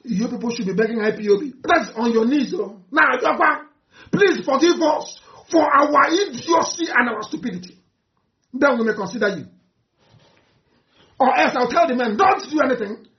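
Nigerian man, high voice, impassioned activist speech, heckling tone, roomy muffled take. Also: moderate pace. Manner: fiery, mocking, swings from shouting to low muttering. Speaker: activist leader addressing supporters. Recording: roomy, dull lo-fi recording.

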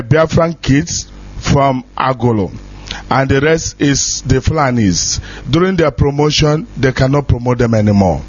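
A man making an impassioned, pleading appeal on a radio broadcast, repeating himself for emphasis. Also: mid-range voice. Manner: pleading, repetitive. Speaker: radio caller from the diaspora. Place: radio studio. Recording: muffled lo-fi radio audio.

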